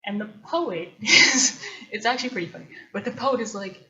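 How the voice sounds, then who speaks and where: A woman's voice: mid-range voice, moderate pace, sharp tone. A woman hosting a casual solo talk, chatty and thoughtful, with loose asides. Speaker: host. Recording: dull lo-fi recording.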